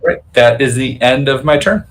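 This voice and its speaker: A man playing in a tabletop game, relaxed and halting as he describes his character's actions. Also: mid-range voice, rough recording. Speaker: player. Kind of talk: casual tabletop game play.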